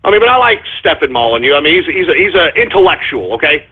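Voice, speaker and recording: A man hosts his radio show in a fuming, profane rant that keeps circling back on itself. His voice sits high and comes out husky. The sound is thin and boxy, like a phone call. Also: big pitch swings, quick pace. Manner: angry, profane, repetitive ranting. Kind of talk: ranting call-in radio monologue. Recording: muffled phone-line audio.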